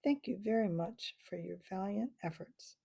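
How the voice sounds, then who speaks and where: A woman voicing a brave young mouse hero who gives commanding shouts, reading a storybook aloud. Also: mid-range voice, expressive, moderate pace, gravelly, breathy edge. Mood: gentle.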